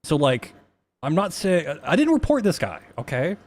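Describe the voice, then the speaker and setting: A man's voice: on the high side, wildly swooping pitch, normal speed, a little mellow. A man talking casually on a stream, rambling with many restarts and plenty of swearing.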